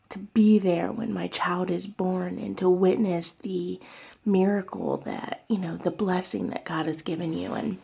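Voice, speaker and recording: A young woman talking in an emotional personal vlog, halting and tearful, with many fillers and soft whispered stretches. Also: lowish voice, gravelly, husky. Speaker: vlogger.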